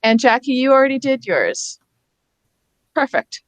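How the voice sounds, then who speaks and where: A woman's voice: high voice, sing-song, a little slow, no room sound. A woman leading a teacher workshop on reading over a video call, patiently sounding out words syllable by syllable. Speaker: reading instructor.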